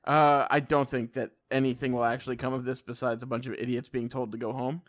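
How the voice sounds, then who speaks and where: A man co-hosting a casual podcast, cracking wry, deadpan jokes. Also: medium pitch, fairly quick, no room sound. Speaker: podcast co-host. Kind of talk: casual chat.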